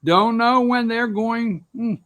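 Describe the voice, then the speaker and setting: A man's voice: extremely high pitch, slow pace, background noise. A man hosting a political opinion show, talking straight to viewers in a rambling, sarcastic way. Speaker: political talk show host. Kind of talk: opinionated commentary.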